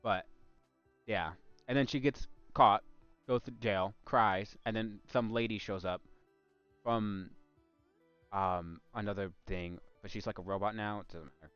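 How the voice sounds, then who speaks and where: A man's voice: fairly low pitch, fairly even intonation, a little slow, pauses often, a bit bright, clear, resonant tone, highs cut off, faint music behind. A man streaming ranked matches in casual gaming chat, rambling and often trailing off and restarting mid-sentence.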